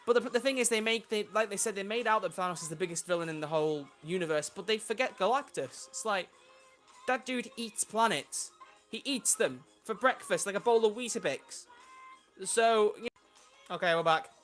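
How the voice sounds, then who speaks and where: A man's voice: high voice, normal speed, fairly bright tone, soft background music. A young man on a casual livestream, chatting away and flustered by tech trouble, recorded at home.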